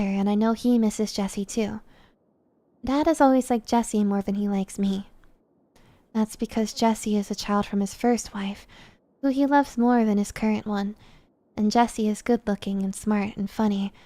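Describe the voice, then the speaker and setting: A woman's voice: mid-range voice, warm tone, no room sound. A young woman streamer reading a visual novel aloud, narrating expressively with dry asides.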